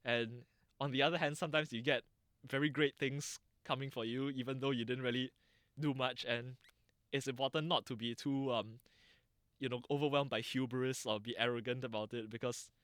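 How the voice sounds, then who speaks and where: Singaporean guy explaining stuff in an interview, pauses and restarts a lot, dry close sound. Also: medium pitch, steady tone, fairly bright tone, no room sound. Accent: Singaporean English. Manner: thoughtful, many restarts and fillers, lecturing tone. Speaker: interviewee, dialect channel founder.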